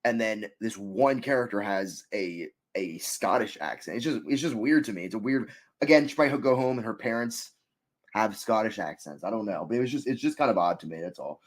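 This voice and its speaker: A man with a slightly low voice talks through a cartoon episode in a loose, rambling way. He circles back on his points with lots of fillers and restarts. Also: lively intonation, brisk. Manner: rambling, many fillers and restarts, laughs loudly. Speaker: co-host reviewing an episode. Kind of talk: casual review chat.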